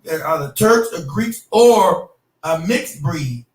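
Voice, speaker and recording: A man's voice: fairly high pitch, animated, slow pace. A man in casual, profane chat who tells stories and laughs as he goes. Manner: loose, profane, laughing storyteller. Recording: roomy echo, distant mic.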